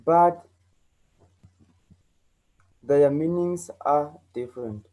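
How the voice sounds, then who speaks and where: South African male English teacher, mellow voice, higher than most men, repeats points for learners. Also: very slow, low-quality recording. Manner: repeats key points, checks in with "okay?" and "right?". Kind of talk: online lesson.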